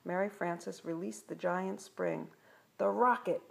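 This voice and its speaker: An older woman reading a children's story aloud as a grandmother, with gentle, chatty asides. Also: lowish voice, fairly even intonation, measured pace, vocal fry.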